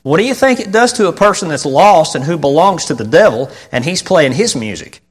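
A man's voice: fairly high pitch, expressive, brisk, husky. A man preaching a sermon, telling stories with emphatic, repeated phrases and sudden outbursts. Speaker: pastor.

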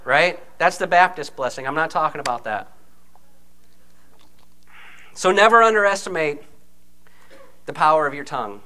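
Male preacher, high and bright, lively conversational sermon delivery. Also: a little fast, long pauses. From United States. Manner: animated, conversational preaching with frequent "okay?" asides.

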